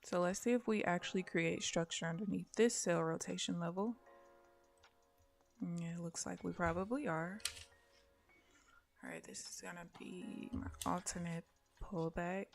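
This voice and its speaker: A woman giving casual live commentary on her own day trading, thinking aloud and often dropping to soft mutters. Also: lowish voice, steady tone, moderate pace, vocal fry, long pauses, faint music behind. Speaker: day trader streaming live.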